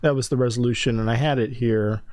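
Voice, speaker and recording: A man's voice: mid-range voice, fairly even intonation, fast talker, darkish tone, dry recording. Male podcast host, indignant and profane storyteller, dry bedroom-studio sound. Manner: exasperated, swearing, often breaks into disbelieving laughter. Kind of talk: casual podcast chat.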